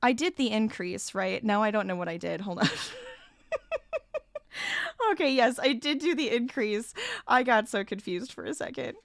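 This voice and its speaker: In a mid-range voice that's a little scratchy from a recent illness, a streamer chats with her viewers while crafting on a casual livestream. She's chatty, reads the chat aloud, and laughs often. The audio is dry and close to the mic, with no room sound.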